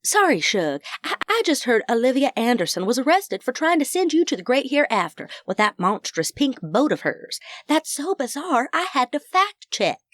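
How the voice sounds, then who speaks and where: A woman narrator voicing an excitable, gossipy Southern woman friend who chatters with folksy phrases. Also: high voice, moderate pace, few pauses, no echo, studio quality.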